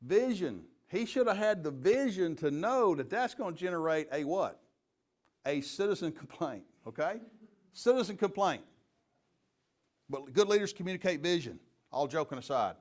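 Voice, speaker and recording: Middle-aged man, police chief type, slightly high voice, folksy joking trainer with stories. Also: moderate pace. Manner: lively storyteller, folksy and joking. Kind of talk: leadership training talk with stories.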